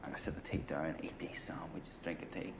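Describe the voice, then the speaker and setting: A man's voice: extremely low pitch, steady tone, a little fast, gravelly, in a whisper. A man casually telling a long war story in a grungy apartment, rambling and profane, with lots of "you know" and "right.". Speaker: interviewee telling war stories. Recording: dull lo-fi 1980 film audio.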